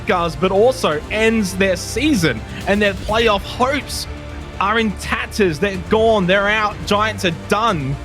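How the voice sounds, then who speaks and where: A man casting an esports match, losing his voice and shouting at the big plays. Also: high-pitched. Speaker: esports caster. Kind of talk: play-by-play commentary.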